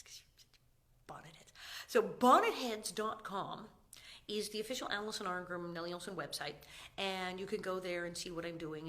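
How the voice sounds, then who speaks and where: Animated woman telling stories in casual chat. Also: on the low side. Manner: animated storyteller, acts out quotes, drops to whispers. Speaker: actress hosting a live stream. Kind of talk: casual live-stream chat.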